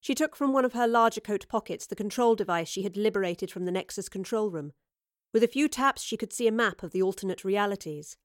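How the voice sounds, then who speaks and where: Woman audiobook narrator, measured, mid pitch, dry close sound. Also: dry recording. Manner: measured storytelling. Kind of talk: scripted narration.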